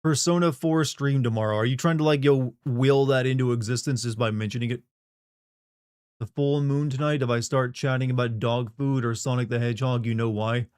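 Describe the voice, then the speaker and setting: A man's voice: mid-range voice, fairly even intonation, fairly quick, a little mellow, clean tone, no echo, studio quality. A young man live-streaming a game, rambling casually and joking with viewers, with a profane, self-mocking way of talking.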